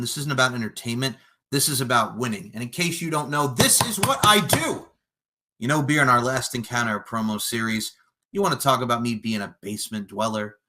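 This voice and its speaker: On a podcast, a guest cuts a fantasy wrestling promo, his cocky, taunting delivery lurching between hushed threats and booming boasts.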